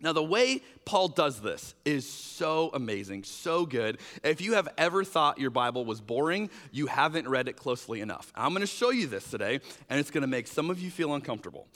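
A man's voice: fairly high pitch, brisk, hardly any pauses, big-room sound. A man preaching a sermon as pastor, conversational with fillers, acting out quoted exchanges in changing voices. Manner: animated, acts out quoted exchanges with shifting voices; conversational, uses fillers like "like" and "you know".

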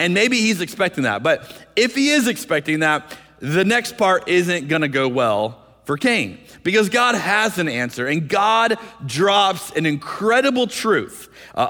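Male pastor, earnest sermon delivery, slightly raised pitch, restarts phrases often, long hall reverb. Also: a bit bright. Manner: earnest preaching, acts out voices in quotes, frequent restarts.

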